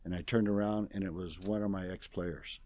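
A man in his sixties, appearing as an interview guest, casually retells a story in a deep, steady, dark voice at a brisk pace, recorded with no room sound. His plain-spoken, folksy telling is full of "I says," and he acts out other people's lines in quoted dialogue.

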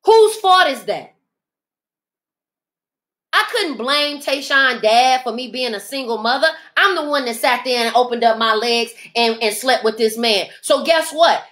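A podcast host delivers a motivational monologue in an emphatic, preachy style, speaking in dialect and mimicking other people in asides. Her voice is a little high and fairly bright, at a normal speed with few pauses.

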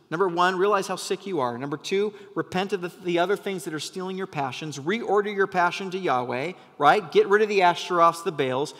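Male pastor, fervent sermon delivery, bright and forceful, big church reverb. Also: high voice. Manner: passionate, sometimes yelling for emphasis. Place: church hall.

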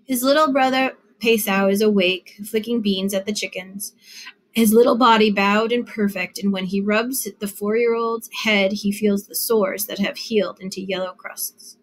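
A woman narrating a literary short story in a measured storytelling manner with lively phrasing. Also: medium pitch. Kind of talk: literary fiction reading.

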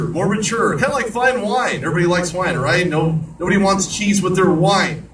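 High-voiced man hosting a radio show. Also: normal speed, fairly bright tone. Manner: chatty, joking asides. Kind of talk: solo radio monologue. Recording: distant mic with clear background noise.

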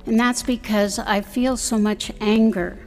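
A woman's voice: mid-range voice, fairly even intonation, unhurried, darkish tone, big-room sound, soft background music. A woman speaking firmly and emphatically as a council member at a formal public meeting.

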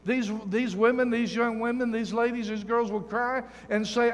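An older man preaching a sermon with a notably high voice, emphatic and folksy, mixing stories and jokes with a firm call to his congregation. His voice rings out with a long reverb through the church sanctuary. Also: steady tone, normal speed. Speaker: guest preacher.

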